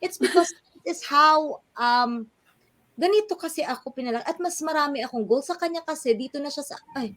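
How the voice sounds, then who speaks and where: A middle-aged woman, a coach being interviewed live, talking in an animated way and switching between English and Tagalog. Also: high-pitched, brisk. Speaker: guest coach. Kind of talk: live online interview chat.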